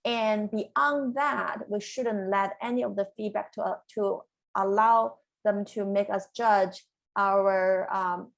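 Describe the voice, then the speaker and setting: Earnest woman faculty panelist with restarts. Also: mid-range voice. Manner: earnest, measured, with many restarts. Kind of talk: panel discussion answer.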